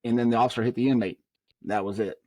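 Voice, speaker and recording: Quick-paced and mid-range, this man's voice sounds dry on the recording. A former prison officer from the Southern United States, he recounts a long story during a podcast interview, acting out the quoted dialogue with animation.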